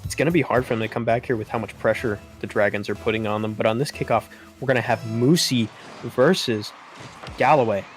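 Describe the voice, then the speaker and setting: A man giving steady play-by-play commentary on an esports match, his voice rising on big plays. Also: mid-range voice, a little fast, soft background music.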